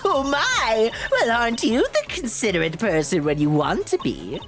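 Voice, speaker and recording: Brash elderly woman, high and shrill, very lively delivery; a man plays her. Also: normal speed, over loud music. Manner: loud, scolding, swears.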